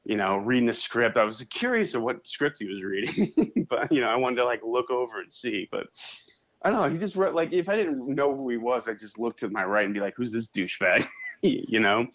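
Low-voiced laid-back podcast guy. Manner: loose and laughing, swears casually. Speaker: podcast co-host. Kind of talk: casual chat. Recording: muffled lo-fi sound.

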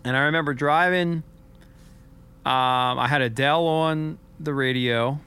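A man co-hosting a podcast, telling a story in an earnest, reflective way, often halting and repeating his words. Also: on the high side, sharp tone, clean tone. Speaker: podcast co-host.

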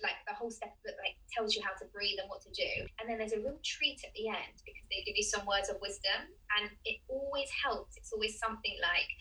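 Bright-voiced chatty woman guest. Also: mid-range voice, recorded from a distance, low-quality recording. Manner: chatty, laughs often. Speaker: podcast guest. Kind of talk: casual interview chat.

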